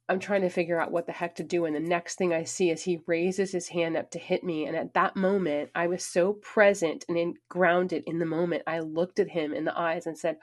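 A middle-aged woman telling a personal story in an earnest, emphatic way, with her pace rising and falling. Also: on the low side. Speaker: speaker sharing her story.

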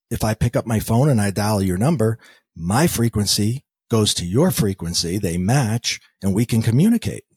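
Husky guy on a podcast, lowish voice, acts out all the back-and-forth, dry sound. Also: no room sound. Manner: animated storyteller acting out quoted dialogue. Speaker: podcast guest. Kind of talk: storytelling interview talk.

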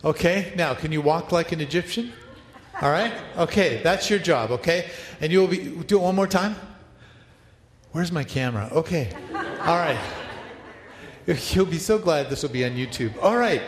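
A pastor with a fairly high, animated voice guides his church through an interactive Bible story at a moderate pace, leaving long pauses. Upbeat and playful, he directs the congregation in a large hall where the sound echoes with long reverb.

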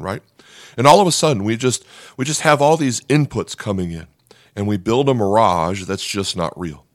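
A man preaching a sermon in an animated, conversational way, often checking in with the listeners. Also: fairly low pitch, no echo, clean studio sound. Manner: animated, conversational preaching with frequent "right?" asides. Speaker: pastor.

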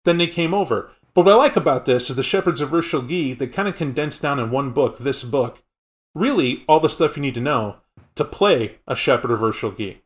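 A man's voice: mid-range voice, lively intonation, fairly quick. A man co-hosting a casual podcast, explaining tabletop game lore in a rambling, conversational way. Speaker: podcast co-host.

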